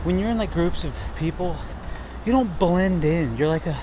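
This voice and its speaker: There's a noisy background as this young thru-hiker talks at normal speed in a fairly high voice, keeping a casual trail diary by a river near a town. He's rambling and self-deprecating, full of swearing and fillers.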